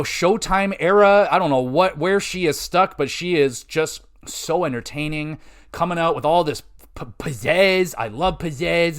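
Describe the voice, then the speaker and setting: Excitable young man, fairly high voice. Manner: excitable, profane, rambling with filler "like". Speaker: podcast host. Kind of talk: casual wrestling podcast chat.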